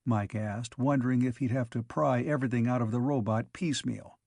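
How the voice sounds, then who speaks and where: A man narrating a science fiction audiobook in a measured, even storytelling manner. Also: mid-range voice, gravelly, dry recording, studio quality.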